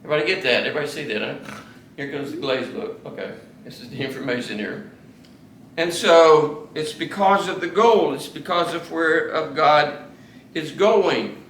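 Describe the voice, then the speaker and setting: A man teaches a small Bible study group in a relaxed, talkative way, circling back on his words and quizzing the class. His voice is bright and sits a bit high. The room is echoey, with a faint hiss behind him. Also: moderate pace, far from the mic. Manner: conversational, repeats and restarts, asks the class questions.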